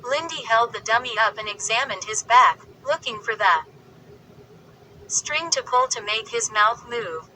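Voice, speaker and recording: A woman narrates a spooky story at a slow, careful pace. Her voice is bright and crisp, sitting a little high for a woman. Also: animated, slight background noise, low-quality recording. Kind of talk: audiobook narration.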